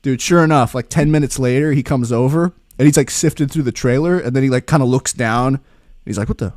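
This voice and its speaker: A man hosting a podcast, telling a casual story in an animated, laughing and profane way. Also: medium pitch, a little fast, no room sound, studio quality. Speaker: podcast host.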